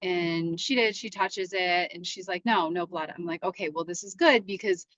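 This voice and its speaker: A woman's voice: on the low side, fairly bright tone, dry recording, highs cut off. Woman talking in a parked car. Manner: rambling, halting, with many restarts and fillers. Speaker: podcast host. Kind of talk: casual solo podcast monologue.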